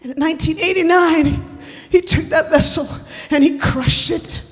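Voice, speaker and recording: A woman preaching a sermon to a church, impassioned, rising to shouted and sung cries. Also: very high voice, fairly even intonation, moderate pace. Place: church sanctuary. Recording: long hall reverb.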